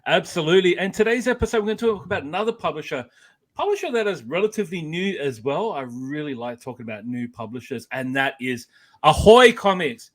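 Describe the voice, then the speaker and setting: An upbeat man hosts a casual podcast about comics. His voice sits a little higher than most men's, and he keeps the chat energetic. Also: fast talker. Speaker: podcast host.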